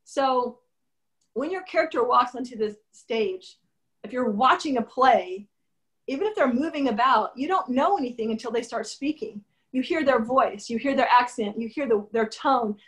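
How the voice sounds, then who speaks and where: A woman with a somewhat high voice talks through her craft in an easygoing interview. She is animated and conversational, and breaks into little performed bits of her characters' dialogue. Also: moderate pace. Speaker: novelist being interviewed.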